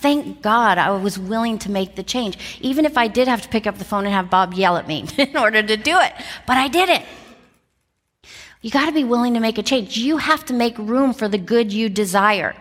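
A woman's voice: a little high, moderate pace. A middle-aged woman giving a motivational talk, telling her story with lots of laughter and shifting pace. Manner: animated, laughs often, shifts pace for emphasis. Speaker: motivational speaker. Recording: long reverb from a large hall.

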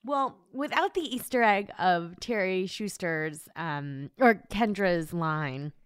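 A woman's voice: on the low side, takes it slowly, clean tone, dry recording, clean studio sound. Playful woman co-hosting a podcast. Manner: laughs often, relaxed and playful. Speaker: podcast co-host. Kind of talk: casual chat.

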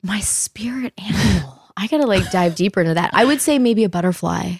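Low gravelly woman, chatty and dry. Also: expressive, fast talker, no room sound. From Canada. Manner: chatty, swears casually, laughs often, acts out quotes. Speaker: actress, interview guest. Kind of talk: casual interview chat.

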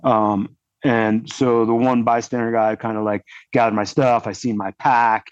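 A man speaking as a podcast guest, telling a long story in a loose, rambling way full of fillers. His voice sits at a middle pitch. The recording sounds dull and lo-fi, with a very dry, close feel. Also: level tone, unhurried, smooth, no room sound. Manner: rambling, heavy use of "like" fillers. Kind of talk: casual storytelling.

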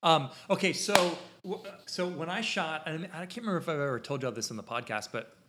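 A man's voice: on the high side, a little fast, heavy background noise. A man hosting a podcast, telling a casual story in a rambling, self-interrupting way. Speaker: podcast host. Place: podcast studio. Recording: echoey room.

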